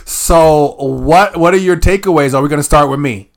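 A man's voice: fairly high pitch, gravelly. Easygoing man co-hosting a sports podcast. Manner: easygoing, chatty, quick to laugh. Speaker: podcast co-host. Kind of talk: casual sports podcast chat.

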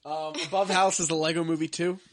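A man's voice: on the high side, level tone, brisk, no room sound, studio quality. A man hosting a podcast, chatting casually about movies he ranks, rambling with lots of filler words. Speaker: podcast host. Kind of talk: casual movie-ranking chat.

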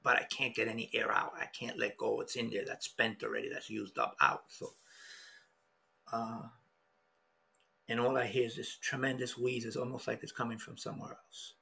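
A middle-aged man telling a personal story in an emotional, halting way, with many restarts. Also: medium pitch, level tone, creaky, pushed and bright, slightly rough. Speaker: podcast guest.

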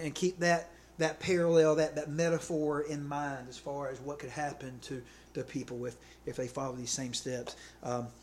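A man's voice: fairly high pitch, a little hiss or hum. Conversational preacher, man. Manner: conversational, checks in with "okay" and "right". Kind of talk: sermon.

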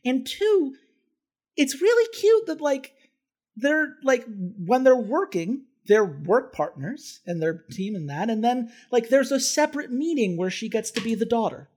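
A man's voice: extremely high pitch, very animated, measured pace, a little mellow. A man co-hosting a film podcast, chatting casually and enthusiastically, rambling with restarts. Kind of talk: casual film review chat.

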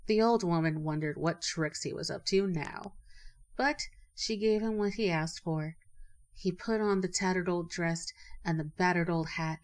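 Woman storyteller, lowish voice, measured and expressive, reads a folk tale. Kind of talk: storybook narration.

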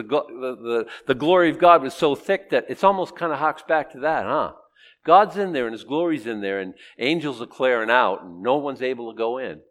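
A man delivers a sermon in a relaxed, conversational way. His voice sits at an ordinary middle pitch. He poses questions to himself, answers them, and gives quoted lines a tone of their own. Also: brisk. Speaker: preacher. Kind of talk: sermon, Bible teaching.

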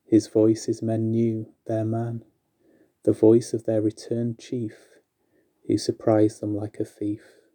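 A man reading aloud a long rhyming story poem in a measured, steady recitation. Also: fairly low pitch.

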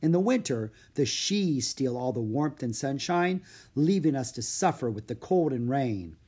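A dreamy old Irish storyteller who believes in fairies, as a reader puts her on. Her telling is hushed and lilting, rising and falling widely, with a husky grain to the voice. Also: mid-range voice, animated, a little slow. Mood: storytelling.

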